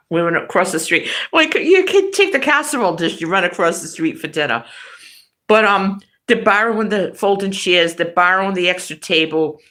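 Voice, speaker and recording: A woman's voice: medium pitch, fairly bright tone. A middle-aged woman hosting a livestream, telling family stories in a chatty way and laughing often. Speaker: livestream host. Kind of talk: casual chat.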